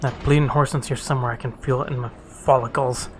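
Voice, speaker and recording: A man's voice: mid-range voice, fairly even intonation, fast talker, slight background noise, pitched below the performer's own voice, natural voice. A man voicing a vain, balding man who blusters and rants bitterly. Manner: blustering, ranting.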